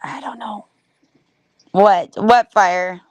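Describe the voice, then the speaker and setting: A woman chatting casually on a livestream, animated and swearing freely as she talks back to her chat. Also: medium pitch, drawn-out words, no room sound. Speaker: livestream host.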